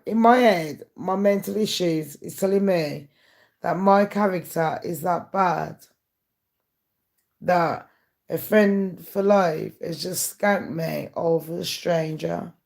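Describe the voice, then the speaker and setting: A woman's voice: lowish voice, vocal fry, darkish tone. A woman talking straight to her viewers in a candid, aggrieved monologue. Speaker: YouTuber. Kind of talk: casual monologue to camera.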